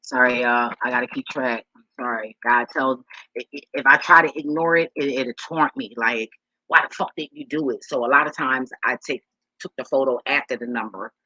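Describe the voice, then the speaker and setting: A woman's voice: extremely low pitch, moderate pace, sharp tone, no echo, rough recording. A woman vlogger talking loosely and profanely to her viewers, rambling with many restarts and addressing them as y'all. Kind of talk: casual rambling monologue to viewers.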